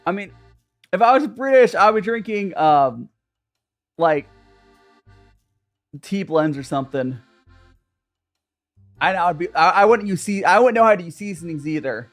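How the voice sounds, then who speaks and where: A livestreamer in casual chat who rambles from thought to thought and greets viewers by name. The voice is middle-pitched and swings up and down a lot. Faint music plays behind. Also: animated, unhurried, long pauses. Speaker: tea-drinking livestreamer.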